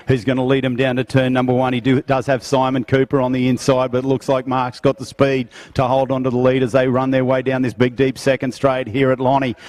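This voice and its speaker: A man's voice: mid-range voice, a little mellow. Man, race announcer, level delivery, outdoor track, live commentary. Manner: showman calling to the crowd.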